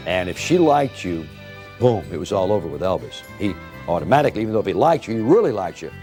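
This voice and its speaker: An older man with a very deep voice tells a story at a quick clip. He lively acts out what each person said. Soft music plays faintly underneath. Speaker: interviewee recalling a friend. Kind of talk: anecdotal storytelling.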